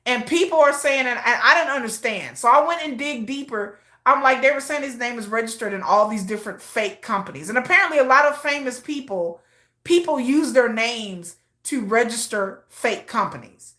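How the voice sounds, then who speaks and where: A woman's voice: on the high side, animated, normal speed, pushed and bright, reverberant. A woman giving casual, emotional commentary, often repeating herself. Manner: emotional, repetitive, restarts often. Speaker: commentary vlogger.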